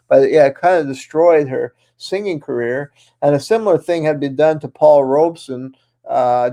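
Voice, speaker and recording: A man's voice: mid-range voice, mellow. A man speaking as a guest on a radio interview show, talking in long runs with many restarts and fillers. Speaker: guest author.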